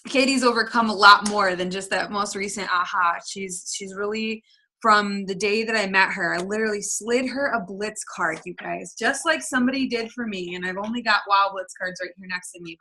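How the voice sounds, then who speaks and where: Bright-voiced woman giving a pep talk. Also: medium pitch. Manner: emphatic, repetitive, coaching the audience directly. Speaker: team leader on a motivational video call. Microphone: video call.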